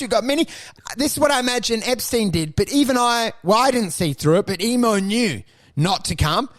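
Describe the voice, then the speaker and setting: A man co-hosting a comedy podcast, telling animated stories in casual chat and acting out the people in them. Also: very high-pitched, fairly quick. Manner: animated storyteller, acts out voices. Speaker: podcast co-host.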